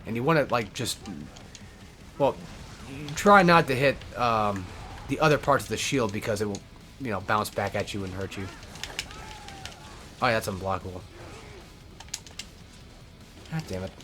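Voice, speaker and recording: A man's voice: lowish voice, normal speed, pauses often, over music. A man giving rambling, casual gameplay commentary as a let's player, swearing often and correcting himself as he goes. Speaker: let's play gamer.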